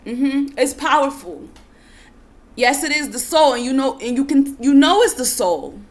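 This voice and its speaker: Speaking slowly and lingering on each word, this fairly high-voiced woman offers spiritual teaching in a soothing, coaxing way. "Breathe" and "calm down" come back again and again before she presses hard on her main points with forceful bursts.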